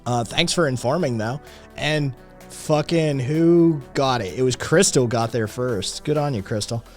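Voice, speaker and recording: A man's voice: mid-range voice, unhurried, darkish tone, soft background music. Rambling profane man chatting with viewers. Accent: slight Southern drawl at times. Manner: rambling, profane, answers chat. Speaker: podcast host. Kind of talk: casual livestream chat.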